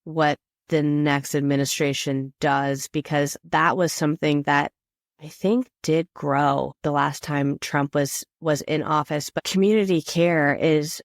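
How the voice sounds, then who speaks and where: A woman's voice: low-pitched, steady tone, a little slow, dry recording, clean studio sound. Earnest woman, guest on a podcast. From rural Pennsylvania. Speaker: guest, veterans nonprofit leader. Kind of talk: casual interview chat.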